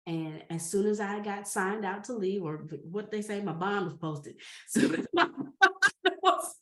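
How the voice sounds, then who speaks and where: A woman guest on a podcast, telling a story in a lively, dramatic way and laughing often. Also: mid-range voice, measured pace. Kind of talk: animated storytelling. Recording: roomy echo.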